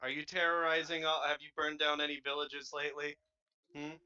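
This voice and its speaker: A man's voice: fairly high pitch, level tone, fairly quick, pushed and bright, clean tone, lo-fi sound. A man doing a gushing, teasing adventurer. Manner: playful and teasing.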